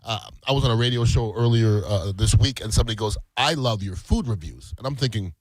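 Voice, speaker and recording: A man's voice: lowish voice, lively intonation, quick pace, no room sound, poor audio. A man co-hosting a casual radio aftershow, blunt and wry with emphatic declarations. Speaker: radio show co-host.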